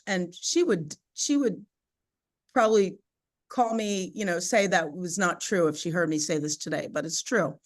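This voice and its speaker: Podcast guest, woman, mid-pitched, chatty storyteller who fills her speech with "you know". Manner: animated, chatty, laughs often, many "you know" and "right?" fillers. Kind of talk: personal storytelling in conversation.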